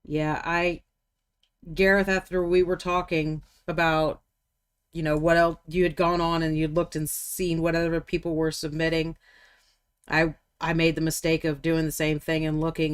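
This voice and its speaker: A woman's voice: deep voice, level tone, normal speed, clean tone. A woman hosting a live miniature painting stream, chatting casually and thinking aloud as she works. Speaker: livestream painting host. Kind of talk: casual livestream chat while painting.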